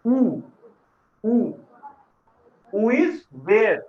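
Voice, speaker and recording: A man teaching a beginners' French lesson, patient and repeating words slowly for learners. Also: high-pitched, big pitch swings. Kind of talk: classroom lesson explanation. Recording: echoey room, dull lo-fi sound.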